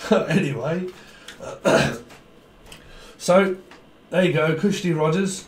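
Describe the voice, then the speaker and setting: A man's voice: high voice, drawn-out words, roomy sound. A man doing a tarot reading, rambling and jokey, often giggling. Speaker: tarot reader.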